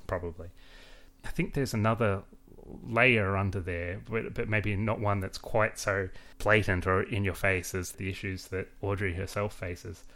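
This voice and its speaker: A man with a lowish voice co-hosts a book club chat. He talks thoughtfully and measuredly, with pauses while he weighs his words. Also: fairly bright tone. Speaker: book club podcast co-host. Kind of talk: casual chat.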